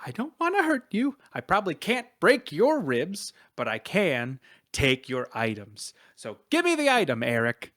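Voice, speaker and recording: Man playing a loud, vengeful brute demanding loot. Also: mid-range voice, sing-song, a little slow. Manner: bullying, mock-friendly, emphatic.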